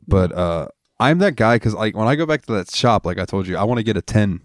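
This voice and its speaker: A man's voice: on the low side, fairly quick, no room sound, clean studio sound. A man co-hosting a podcast, telling stories in casual profane chat and acting out the people in them. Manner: profane, animated storyteller acting out voices. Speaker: podcast co-host.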